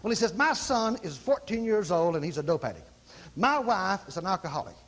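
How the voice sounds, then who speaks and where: A man's voice: high voice, very animated, a little fast, a bit bright, pitched below the performer's own voice, exaggerated voice. A man voicing a bitter, weary atheist businessman who grumbles his complaints.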